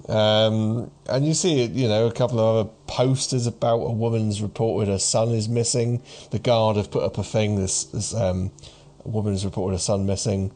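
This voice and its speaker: A man's voice: fairly low pitch, darkish tone. A man in his thirties narrating a tabletop game as game master, rambling with many fillers. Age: 30s.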